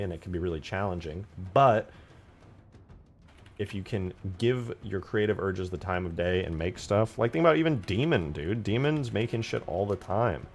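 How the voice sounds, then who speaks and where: A young man streaming his game modding, chatting casually and profanely as he rambles and answers chat. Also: on the low side. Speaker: live streamer, game modder. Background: faint music.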